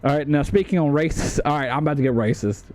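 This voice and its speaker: A man's voice: a little high, fast, a little mellow, soft background music. A man from the United States doing livestream commentary as he ranks a tier list, rambling and swearing with plenty of fillers and restarts. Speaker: streamer.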